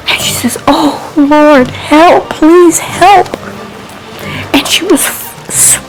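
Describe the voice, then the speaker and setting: A woman with a fairly high voice tells an animated Bible-themed story for children, asking her listeners questions and dropping to a hush for suspense. The audio quality is poor.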